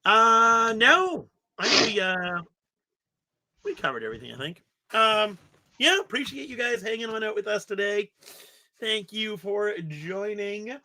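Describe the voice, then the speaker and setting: A man's voice: high-pitched, very animated, unhurried, sharp tone. A man co-hosting a casual livestream podcast, answering questions with hesitant restarts. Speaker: podcast co-host.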